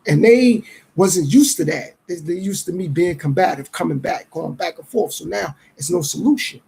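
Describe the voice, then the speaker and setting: Husky high-voiced man musing on a podcast. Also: dark tone, poor audio. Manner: reflective, streetwise, acts out others' lines in quick voices. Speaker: podcast host. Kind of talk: casual podcast monologue.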